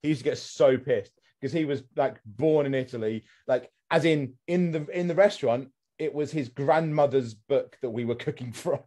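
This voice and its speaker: A man's voice: mid-range voice, normal speed, hardly any pauses, dark tone. A man hosting a casual podcast chat, ranting with comic exasperation and swearing freely. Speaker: podcast host.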